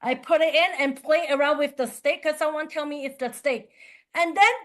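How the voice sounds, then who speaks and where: A woman with a high voice shares a personal story in a workshop. She is animated and acts out each line of dialogue. She talks in plain, simple English and laughs often. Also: brisk. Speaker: qigong teacher.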